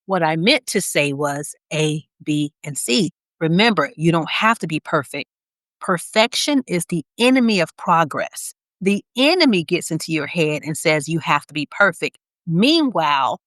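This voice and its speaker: A woman with a Southern US accent delivers a motivational coaching lesson, taking her time and leaving pauses between points. Her pitch swings up and down with smiling energy. The sound is dry and close, with no room echo. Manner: slow, deliberate pacing with pauses, smiling, energetic. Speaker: business coach for nurses.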